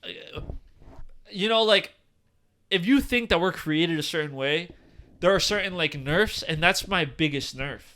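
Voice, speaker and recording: A man in his twenties co-hosting a casual podcast, rambling with lots of fillers and animated tangents. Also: on the high side, a little slow. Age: 20s. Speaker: podcast co-host.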